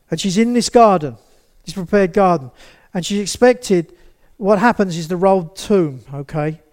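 A male preacher with a notably high voice delivers a lively sermon in a church. He speaks straight to the congregation and acts out small scenes as he goes. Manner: animated, acts out quotes, addresses the congregation directly.

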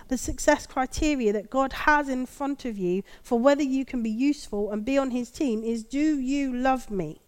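A woman preaching a sermon, reflective and gently emphatic, reading scripture aloud. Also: a little high, smooth.

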